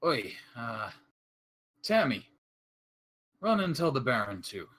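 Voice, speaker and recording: A man's voice: medium pitch, big pitch swings, takes it slowly, a bit bright, heavily acted. A man voicing a sarcastic, dismissive male guard at a mansion door in a tabletop game.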